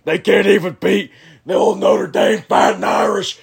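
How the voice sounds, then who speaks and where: Brief: man playing a brawling tough-guy wrestler, high raspy gravel, shouting bluster. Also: fairly even intonation, a little slow, exaggerated voice. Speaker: podcast co-host. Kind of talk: over-the-top wrestling promo rant.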